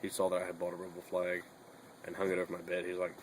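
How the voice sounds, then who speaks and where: A man's voice: deep voice, completely flat delivery, fast, a little hiss or hum, poor audio. A young man chatting casually in a bedroom vlog, rambling and swearing a lot between fillers. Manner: rambling and profane, with many fillers.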